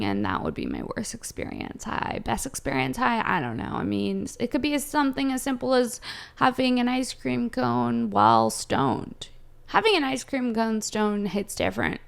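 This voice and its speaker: A young woman comedian from Southern California, chatting casually and ranting in a brash, profane way with sudden loud jumps. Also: medium pitch, vocal fry. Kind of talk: casual chat, answering viewer questions.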